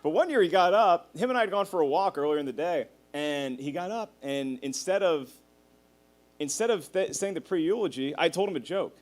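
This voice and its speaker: Raised-pitch male stand-up comic. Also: normal speed. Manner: animated storytelling, swearing, laughing at his own jokes. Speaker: stand-up comedian. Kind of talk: stand-up comedy set.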